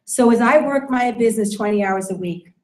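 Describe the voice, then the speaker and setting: A woman's voice: on the high side, a little fast. A woman giving an emphatic sales presentation to a room, repeating her key points. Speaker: network marketing presenter. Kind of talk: sales pitch talk to a room. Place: meeting room with audience. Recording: echoey room.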